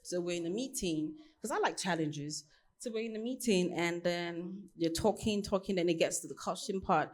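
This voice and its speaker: A woman from Nigeria in her thirties, a costume designer answering on a panel as an animated, laughing storyteller. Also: on the low side, normal speed.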